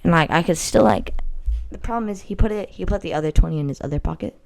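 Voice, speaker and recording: A teenage girl spins a story-time tale in a low voice, rambling and stuffed with "like". She talks in a blunt, boastful way, with casual asides. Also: fast, gravelly. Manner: rambling, filler-heavy with constant "like".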